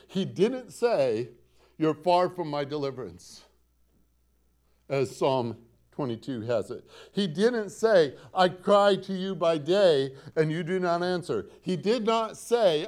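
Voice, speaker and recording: His fairly high, slightly mellow voice moves slowly and swings widely in pitch. Preaching as pastor, he quotes scripture with dramatic, rising emphasis, leaning on repetition and rhetorical questions to the congregation.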